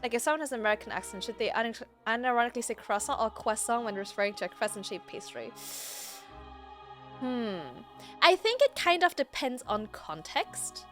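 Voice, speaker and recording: A woman's voice: on the high side, lively intonation, brisk, fairly bright tone, soft background music. A woman streamer whose first language is French, chatting casually and rambling over a game she is playing. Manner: chatty, rambling, laughs easily. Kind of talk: casual gameplay commentary.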